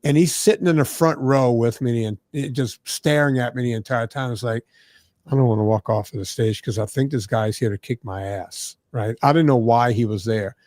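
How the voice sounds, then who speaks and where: Brief: male fitness guest, chatty storyteller, mimics people he quotes, dry close sound, middle pitch. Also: normal speed, dry recording. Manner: animated, acts out quoted people, frequent "right?" tags. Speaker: diet and fitness expert guest. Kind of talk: casual conversational storytelling.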